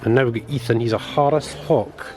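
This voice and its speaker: A family vlogger films outdoors at a bird of prey centre, cooing fondly at the birds and asking them little questions in casual commentary. His mid-range voice is brisk and darkish, with a little hiss or hum on the recording.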